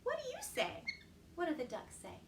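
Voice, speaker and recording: A woman voicing an eager, anxious little male baby rooster in a children's storybook, in a high pleading voice. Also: wildly swooping pitch, normal speed, gravelly, reverberant, recorded from a distance, background noise, exaggerated voice. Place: home kitchen.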